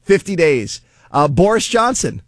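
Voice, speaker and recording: A man's voice: a little high, big pitch swings, unhurried, dry recording, studio quality. A man co-hosting a talk show, reading out figures in a matter-of-fact way. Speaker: co-host. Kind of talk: casual chat.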